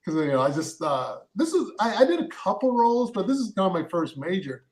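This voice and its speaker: Guy rambling through a story, kinda high voice, lots of ums and restarts. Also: very animated, a little mellow, a little hiss or hum. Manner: rambling, halting, with many fillers and restarts. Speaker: actor telling a story. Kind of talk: casual storytelling.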